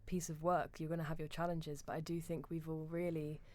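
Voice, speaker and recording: A woman's voice: sits low, flat delivery, fairly quick, darkish tone, dry recording. A woman with a southern English accent, a musical theatre actor and guest, speaking thoughtfully and searching for her words. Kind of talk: casual chat.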